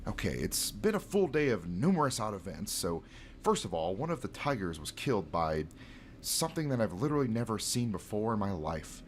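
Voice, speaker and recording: Guy doing a van-camping outdoorsman, fake accent, reading posts out loud, lowish voice that swings a lot. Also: big pitch swings, fairly quick, slight background noise. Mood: worried. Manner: reading forum posts aloud in a put-on accent. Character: male outdoorsman camping alone in his van.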